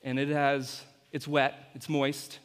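A man leads an object-lesson sermon in a large hall, with his words ringing out in long reverb. His voice sits at an ordinary pitch, and he jokes with and coaches the volunteers beside him in a playful way. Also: monotone, slow, clean tone.

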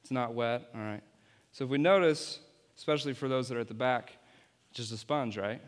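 A man leads an object-lesson sermon in a large hall, with his words ringing out in long reverb. His voice sits at an ordinary pitch, and he jokes with and coaches the volunteers beside him in a playful way. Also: a little fast.

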